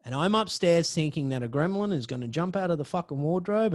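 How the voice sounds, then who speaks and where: A young man, hosting a podcast and telling a story in a profane, excitable way. His voice swings from low mutters to loud outbursts. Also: a little fast. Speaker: podcast host. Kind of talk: storytelling monologue.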